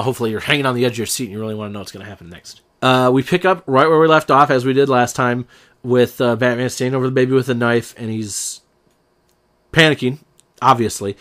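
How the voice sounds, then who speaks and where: A man's voice: medium pitch, fairly even intonation, a little fast, a bit bright. A man hosting a comic book show, casually retelling a story with lots of fillers and an enthusiastic, rambling manner. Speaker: comic book podcast host.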